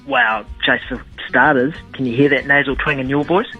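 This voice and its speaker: A man's voice: mid-range voice, fairly even intonation, moderate pace, slightly rough, lo-fi sound, faint music behind, lightly acted. An actor playing a grumpy, scornful male radio caller with a New Zealand accent. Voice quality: blunt, scornful.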